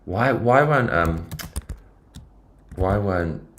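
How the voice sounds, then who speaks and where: Speaking extremely slowly in a low, animated voice, this London-accented livestream host rambles over the news and reads out viewer comments. His talk is slangy and full of swearing, with slight background noise behind him.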